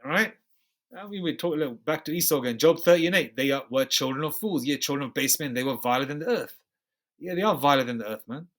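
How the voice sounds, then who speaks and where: A man's voice: fairly high pitch, lively intonation, a bit bright. Slang-heavy, emphatic male preacher. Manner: reads verses slowly and deliberately, then comments in loose street slang; emphatic, repeats points with "okay?" and "man". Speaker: bible teacher. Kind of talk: scripture study sermon.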